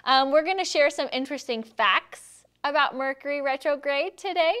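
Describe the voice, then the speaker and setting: A woman's voice: high-pitched, moderate pace, fairly bright tone. A woman hosting a casual live stream, chatty and self-deprecating, laughing often between lines. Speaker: live show host.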